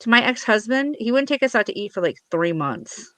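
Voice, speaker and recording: A middle-aged woman, a podcast guest, who talks in a relaxed, easygoing way and laughs often while swapping parenting stories. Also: on the high side, a little fast, no room sound. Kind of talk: casual chat.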